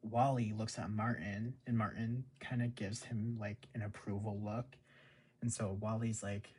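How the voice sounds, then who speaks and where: A man's voice: lowish voice, flat delivery, measured pace, darkish tone, breathy edge. A man casually recapping a TV episode, rambling with lots of fillers. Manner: rambling, filler-heavy, chuckles often. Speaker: show recap host.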